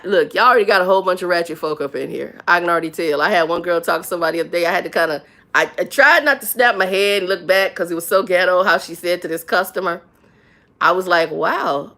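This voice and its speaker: A middle-aged woman in casual livestream chat, with a fairly low voice for a woman. She talks frankly in slang and tells animated stories, her voice jumping up as she gets worked up. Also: quick pace. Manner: animated storytelling, voice jumps up when riled; slangy, frank, repeats words. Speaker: livestream host.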